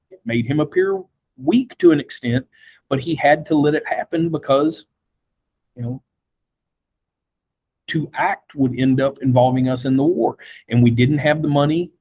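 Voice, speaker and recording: Here a man with a rather high, somewhat mellow, breathy voice teaches history on lo-fi audio. His classroom style is conversational, peppered with fillers and the occasional brief acted quote.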